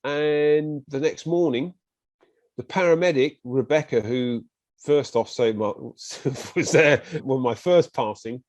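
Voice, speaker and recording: A man's voice: medium pitch, slow pace, no echo. A British man, a podcast guest, vividly retelling his story in casual conversation and acting out what others said. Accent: British English. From Britain. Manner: vivid retelling with acted quotes, animated bursts.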